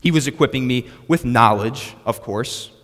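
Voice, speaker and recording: A man's voice: mid-range voice, normal speed, fairly bright tone. A young man preaching a sermon that is built around a personal story, with a storytelling manner and frequent restarts on his words. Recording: long reverb of a hall.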